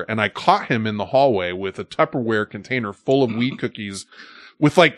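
A man telling a story in casual podcast chat, swearing freely and shouting when he acts out the scenes. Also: mid-range voice, no echo. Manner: profane, animated storyteller who shouts when acting out scenes.

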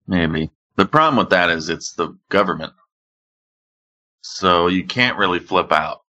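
Deep, bright-toned wry man, lo-fi. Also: a little slow. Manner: wry, deadpan storyteller, swears. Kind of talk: casual chat, comic storytelling.

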